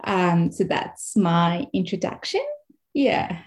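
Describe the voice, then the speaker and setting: A woman from Kenya with a modified Australian accent, a speech and language pathologist speaking as a guest in a relaxed interview, thoughtful and full of pauses. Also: lowish voice. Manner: thoughtful, many fillers and pauses. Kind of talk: casual interview conversation.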